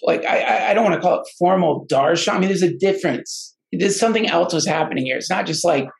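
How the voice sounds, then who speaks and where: Gravelly man telling a rambling story. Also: high voice, expressive, fast, low-quality recording. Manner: rambling, full of restarts and fillers; emotional, earnest. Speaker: podcast guest. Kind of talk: casual personal storytelling.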